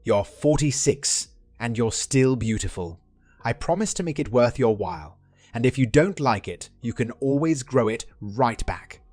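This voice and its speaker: A man's voice: mid-range voice, expressive, measured pace, darkish tone, no echo. A man reading as an earnest middle-aged husband.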